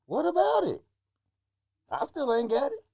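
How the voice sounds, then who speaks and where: A man's voice: extremely high pitch, huge pitch swings, unhurried, gravelly, warm tone, dry recording, exaggerated voice. Guy doing a cocky old masked hustler, trash talking, voice jumping all over. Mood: boastful. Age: older. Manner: boastful, combative trash talk. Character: self-styled older masked male hustler, brash. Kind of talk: comedic improvised sketch.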